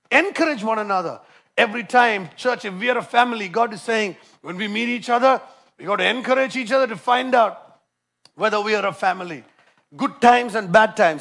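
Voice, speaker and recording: A man preaches a passionate sermon in a high voice with a rough, gravelly edge. He drives some lines home loudly and drops to a near hush to tell his stories. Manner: impassioned preaching, swinging between loud emphasis and hushed storytelling.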